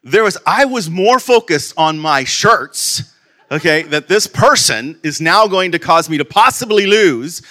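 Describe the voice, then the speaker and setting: A man telling a long personal story in a bright, forceful voice. He rambles loosely, stumbling over restarts and leaning on stock fillers. His humour is easygoing and self-mocking. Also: sits high, animated, measured pace. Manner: rambling, repeats "okay, in there" and "and whatnot". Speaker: vlogger.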